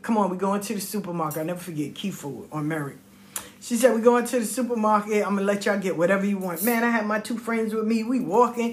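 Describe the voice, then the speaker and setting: Blunt, profane middle-aged woman storyteller. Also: medium pitch. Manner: blunt, profane, animated retelling with quoted voices. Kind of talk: casual monologue.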